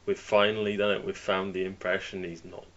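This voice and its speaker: A man co-hosting a comedy podcast, teasing and quick to laugh. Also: low voice, level tone. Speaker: podcast co-host. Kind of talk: casual comedy chat. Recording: dull sound with loud crowd noise.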